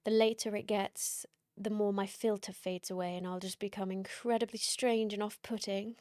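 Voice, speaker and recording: A woman's voice: mid-range voice, steady tone, moderate pace, darkish tone, clear, resonant tone, no echo, studio quality. A woman streamer chatting casually and playfully with her viewers late at night, teasing and laughing often.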